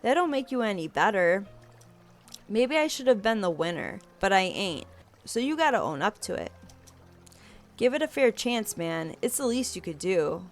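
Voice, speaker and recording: Brief: a woman playing a cryptic teen jock, thick drawl, gruff and blunt, game read. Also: mid-range voice, big pitch swings, normal speed, soft background music. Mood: scolding. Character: blunt teenage boy athlete, gruff and cryptic.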